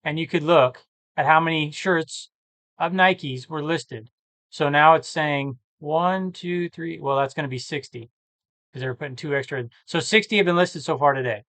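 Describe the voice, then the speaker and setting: A tired man who talks casually and thinks out loud, rambling and correcting himself as he works through reseller listings. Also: fairly high pitch, no room sound. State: tired, yawning. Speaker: eBay reseller vlogger. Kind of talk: casual screen-share commentary.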